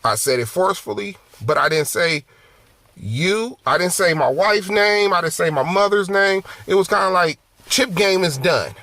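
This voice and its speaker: Minister, male, high and sharp voice, dry close sound; animated testimony with lots of repeats. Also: normal speed, no echo. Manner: animated, conversational, repeats and restarts phrases. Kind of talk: personal testimony storytelling.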